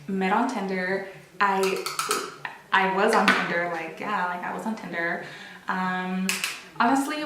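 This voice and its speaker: A woman's voice: medium pitch, reverberant, background noise. A young woman chatting candidly while getting ready, rambling with many restarts, recorded on a built-in camera mic. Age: young adult. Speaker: beauty vlogger. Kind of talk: casual get-ready-with-me chat.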